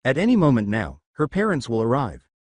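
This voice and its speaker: Casual: guy reading as a frog girl girlfriend, caring and calm, ribbits mid-sentence, lively up-and-down voice, dry close sound. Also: medium pitch, brisk, no echo. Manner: says "ribbit" in her speech.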